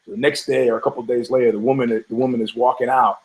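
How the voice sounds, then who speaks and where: Speaking very fast at a medium pitch and a level tone, a podcast host rattles off a rambling, foul-mouthed sports commentary full of tangents and restarts. He voices characters in his stories and laughs at his own jokes, on a low-quality recording.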